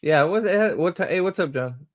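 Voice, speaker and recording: A man's voice: sits high, animated, moderate pace. A man hosting a casual livestream, rambling, swearing and mocking as he reads comments and talks to chat. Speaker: host.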